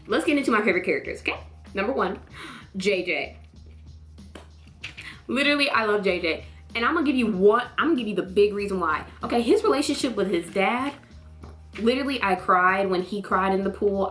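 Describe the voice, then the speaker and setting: A young woman vlogging a casual show review, slangy and animated, acting out lines with sudden high jumps in her voice. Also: brisk, soft background music. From North Carolina, US. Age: young adult. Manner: animated, slangy, acts out quotes with big pitch jumps.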